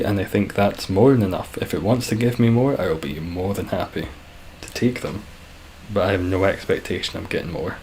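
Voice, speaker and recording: A man chatting casually and dryly while live-streaming a game, describing his own voice as monotone. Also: low voice, slight background noise. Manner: dry, self-deprecating, calls his voice monotone.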